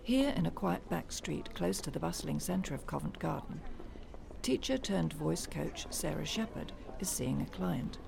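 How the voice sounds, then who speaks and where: A narrator reading a scripted documentary voice-over smoothly. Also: mid-range voice, animated, a little slow, noisy background.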